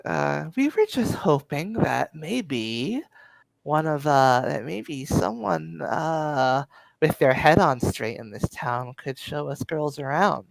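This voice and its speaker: A man playing a sly flirty woman, coaxing, gravelly voice, tabletop game. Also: fairly high pitch, lively intonation, slow pace, no room sound, heavily acted, poor audio.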